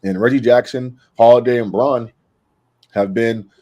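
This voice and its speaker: A man co-hosting a basketball podcast, explaining plays in a measured, analytical way. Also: medium pitch, fairly even intonation, dark tone, highs cut off. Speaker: podcast co-host. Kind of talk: casual sports analysis.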